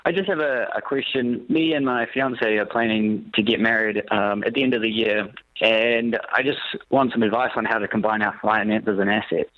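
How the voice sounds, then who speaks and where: A man's voice: on the low side, steady tone, moderate pace, dry recording. A young man calling in to a radio show, polite and a little hesitant. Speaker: caller. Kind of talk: phone call to a radio show. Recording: dull phone line.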